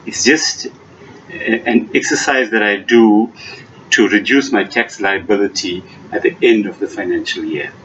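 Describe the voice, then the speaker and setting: A man's voice: fairly low pitch, a little slow, fairly bright tone. A man from South Africa teaching an accounting lesson, patient and emphatic, repeating key points with frequent restarts. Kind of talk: classroom lesson explanation. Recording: dull lo-fi recording with faint noise.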